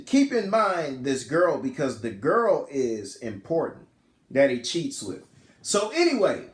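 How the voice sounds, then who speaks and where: A man's voice: on the high side, echoey room. A man casually retelling a film's plot in a rambling, slangy way, often correcting himself. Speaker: film reviewer.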